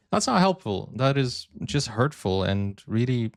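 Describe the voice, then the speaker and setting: A man's voice: medium pitch, lively intonation, moderate pace, hardly any pauses, no room sound. Chatty man reacting, dry close sound. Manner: chatty, acts out little dialogues, frequent "like" and "you know". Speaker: reaction video host. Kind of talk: casual reaction commentary.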